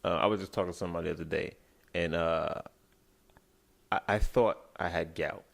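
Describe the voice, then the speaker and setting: A man's voice: sits low, steady tone, a little fast, vocal fry. A man co-hosting a comedy podcast, telling a rambling story in casual chat, full of restarts. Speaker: podcast co-host.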